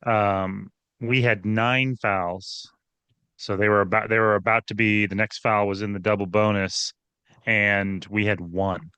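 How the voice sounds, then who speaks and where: Bright, crisp-voiced male co-host. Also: on the low side, a little slow, dry recording. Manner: animated, restarts often. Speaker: podcast co-host. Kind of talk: casual sports analysis chat.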